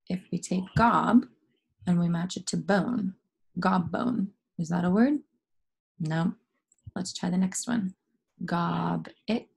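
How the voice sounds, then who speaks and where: A woman's voice: mid-range voice, gravelly, dark tone, breathy edge. A young adult woman teaching a phonics lesson to young students, patient and encouraging as she goes step by step.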